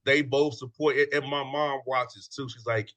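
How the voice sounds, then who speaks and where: A male show host chatting casually in a lively, joking way and laughing often. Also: medium pitch, normal speed. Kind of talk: casual chat.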